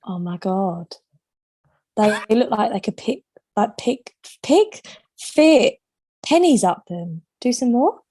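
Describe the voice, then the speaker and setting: A woman's voice: fairly high pitch, expressive, takes it slowly, dark tone, no echo. Woman podcast cohost, playful and teasing, close dry mic. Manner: playful, teasing, laughs often. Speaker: podcast co-host. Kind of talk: casual chat.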